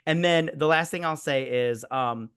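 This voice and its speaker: Male podcast co-host, slightly higher pitch, rambling enthusiastic delivery with many fillers. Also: normal speed, fairly bright tone, clean tone. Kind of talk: casual movie review chat.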